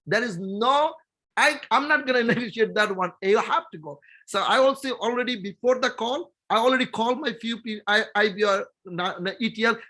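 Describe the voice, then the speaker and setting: A middle-aged man with a Bangladeshi accent, telling his own story in a persuasive, animated motivational talk to people on a call. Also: very high voice, a little fast. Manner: storytelling, animated and persuasive, talking to the listeners directly. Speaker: company executive speaking on a group call.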